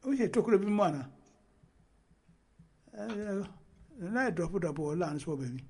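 A man hosting a casual football chat, animated and laughing often, talking over his co-host. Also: sits high, moderate pace, slight background noise.

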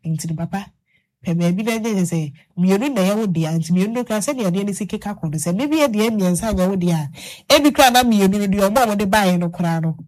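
A woman's voice: mid-range voice, quick pace, a little mellow. A Ghanaian woman hosting a radio talk show, telling a story at length and murmuring agreement while her co-host speaks. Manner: storytelling, with frequent affirming murmurs.

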